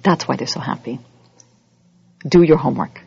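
Preaching a holiday sermon, the religious teacher stays animated and voices everyday characters to illustrate scenes. Speaking at a normal speed in a mid-range, husky voice with vocal fry, the speaker is heard in a dry, dull-sounding recording.

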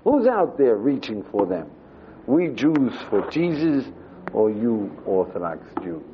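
An older man, a rabbi, telling a story with lively acted-out dialogue, on a dull lo-fi recording. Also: mid-range voice, measured pace, slight background noise. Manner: animated storyteller acting out dialogue. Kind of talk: storytelling talk. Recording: dull lo-fi recording with faint ambience.

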